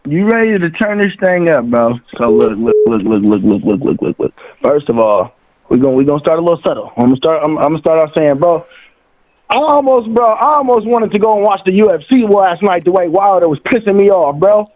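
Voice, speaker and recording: A man's voice: fairly high pitch, a little fast. Slangy male caller on a tinny phone line. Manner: animated slang, repeats words. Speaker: caller, friend of the host. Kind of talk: casual call-in chat.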